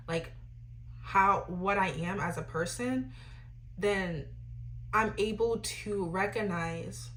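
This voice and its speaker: A young adult woman hosting a podcast, giving emphatic faith-based advice in a lively, ranting way, often asking "you know what I'm saying.". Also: lowish voice, a little hiss or hum. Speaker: podcast host.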